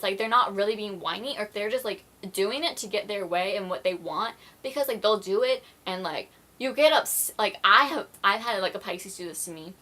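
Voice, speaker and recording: A woman's voice: mid-range voice, sharp tone. A woman vlogger chatting casually to camera, full of "like" fillers and apologies, acting out little quoted exchanges. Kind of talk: casual vlog chat to camera.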